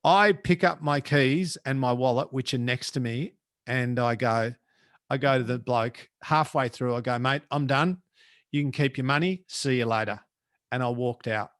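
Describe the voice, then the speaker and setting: A man's voice: mid-range voice, no room sound, clean studio sound. Blunt Australian man telling stories. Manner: blunt, colloquial, animated storyteller. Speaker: guest, professional speaker. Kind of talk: casual storytelling.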